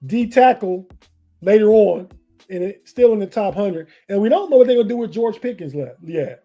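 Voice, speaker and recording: A man's voice: high voice, animated, normal speed, dull audio, soft background music. A man co-hosting a live sports podcast in a rambling, casual way, often restarting his sentences. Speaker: podcast co-host.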